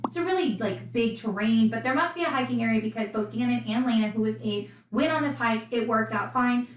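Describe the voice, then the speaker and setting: A woman's voice: fairly high pitch, a little fast, roomy sound, a little hiss or hum, rough recording. A woman casually recounting a true crime case, chatty and indignant in her asides.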